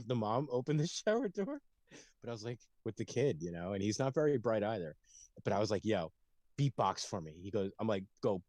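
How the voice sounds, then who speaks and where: A man's voice: mid-range voice, darkish tone, no room sound. A man in his thirties, a podcast co-host, rambling through a story with frequent laughs and swearing. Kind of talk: casual chat.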